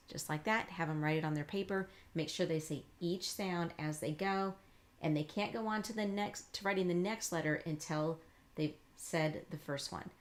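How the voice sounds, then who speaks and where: A woman reading teacher giving a patient, encouraging lesson, slowly modeling letter sounds and explaining each step. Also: deep voice. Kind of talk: instructional demonstration.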